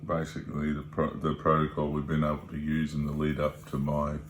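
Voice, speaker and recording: A man's voice: rumbling low, completely flat delivery, brisk, echoey room, slight background noise. A man chatting casually on a vlog, adding brief, supportive remarks. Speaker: vlogger. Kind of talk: casual chat.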